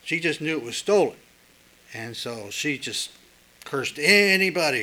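A male preacher retelling a scripture story in a relaxed, conversational sermon full of fillers. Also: a little high, moderate pace, poor audio.

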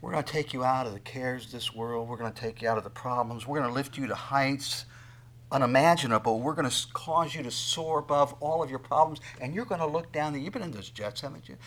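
A man preaching a sermon, swinging from soft asides to loud, dramatic bursts and acting out quoted voices. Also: mid-range voice, brisk. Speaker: pastor.

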